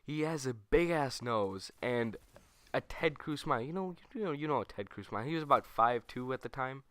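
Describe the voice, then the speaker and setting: A man's voice: mid-range voice, no room sound. Rambling young man telling a story. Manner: rambling, animated, self-correcting, with quick put-on quotes. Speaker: gaming channel host. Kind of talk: casual storytime over gameplay.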